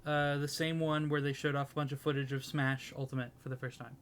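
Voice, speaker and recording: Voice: mid-range voice, little pitch movement, brisk. Laughing podcast co-host, faint hiss. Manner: laughs often, rambling storyteller. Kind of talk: casual chat.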